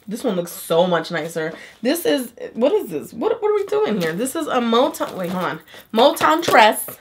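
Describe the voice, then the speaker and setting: A woman's voice: medium pitch, fairly bright tone. A woman reviewing a wig for her channel in a chatty, playful way, sounding nasal while sick with a fever. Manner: chatty, playful, swears casually. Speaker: beauty vlogger.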